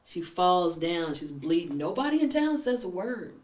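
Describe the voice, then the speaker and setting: A woman hosting a talk show, telling a story with lively energy and acting out its characters, in a room with her guests. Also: on the low side, normal speed. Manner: animated storyteller, acts out characters. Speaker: host. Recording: echoey room, mic at a distance.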